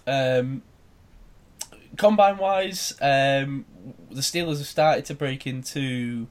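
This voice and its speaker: Laid-back podcast host. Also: male voice, medium pitch, slow. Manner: laid-back, laughs easily, hesitant fillers. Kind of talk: casual chat.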